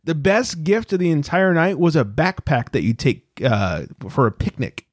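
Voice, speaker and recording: On a casual podcast, this co-host tells animated stories full of swearing, raising his voice to act out what others said. His voice is on the high side at a normal speed, captured in studio quality with no echo.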